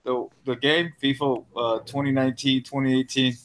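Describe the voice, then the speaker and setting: A man's voice: mid-range voice, flat delivery, moderate pace, fairly bright tone. A man chatting casually on a podcast, hesitant and stammering, with slangy speech. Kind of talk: casual chat.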